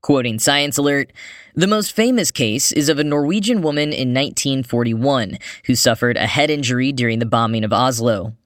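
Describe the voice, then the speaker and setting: A man's voice: medium pitch, lively intonation, normal speed, fairly bright tone, dry recording. A man hosting a podcast, reading news stories and quoted articles in a scripted way with dry, wry asides. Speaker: podcast host.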